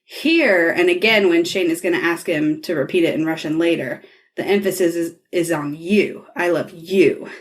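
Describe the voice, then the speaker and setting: A woman's voice: lowish voice, normal speed. A woman hosting a podcast, retelling a scene in casual talk, laughing often and swearing freely. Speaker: podcast host.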